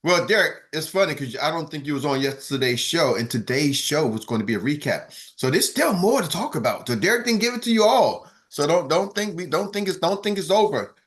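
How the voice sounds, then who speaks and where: A man hosting a group call, shouting and swinging his voice up and down as he fires up the team, tired from a sleepless night. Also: very animated, brisk, hardly any pauses. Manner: shouting woos, wildly swinging pitch and loudness. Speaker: host and coach. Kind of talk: hyped call-and-response on a group call.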